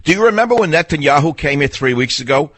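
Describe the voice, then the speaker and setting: A man's voice: on the high side, expressive, fast, a bit bright, no echo. An older man hosting a national call-in radio show, blunt and sarcastic, arguing with callers and riffing in a talky, mocking way. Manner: blunt, sarcastic, argumentative, mimics people in voices. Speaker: radio talk show host. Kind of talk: combative call-in radio talk.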